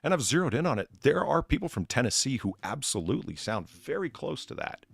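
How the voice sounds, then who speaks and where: Gravelly, lively-voiced male stream host. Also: mid-range voice, brisk. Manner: rambling, animated, many restarts. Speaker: streamer host playing bartender. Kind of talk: casual stream chat.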